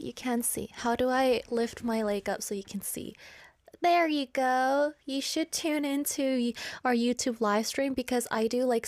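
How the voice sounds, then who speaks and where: A woman's voice: high-pitched, no room sound, studio quality. Bubbly, rambling woman radio host. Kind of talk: casual radio chat. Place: radio studio. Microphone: studio microphone.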